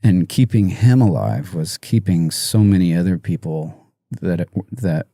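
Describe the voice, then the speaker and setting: A man guest on a podcast interview, talking haltingly with many fillers and restarts, emotional and choked up. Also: low-pitched, lively intonation, warm tone, no echo, clean studio sound. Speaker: musician guest.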